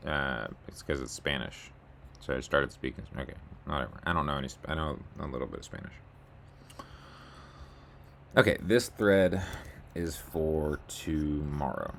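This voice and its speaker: Over a little hiss or hum, a man with a very deep voice delivers a rambling video blog monologue while sharing his screen. He narrates his scrolling and clicking, mutters to himself, and makes self-deprecating jokes along the way.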